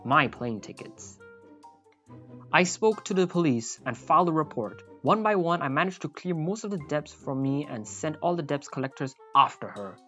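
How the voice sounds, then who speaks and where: A woman's voice: sits low, animated, brisk, hardly any pauses, a bit bright. A woman reading a reddit story aloud, with wry, apologetic asides. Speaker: story narrator. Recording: slightly muffled, faint background music.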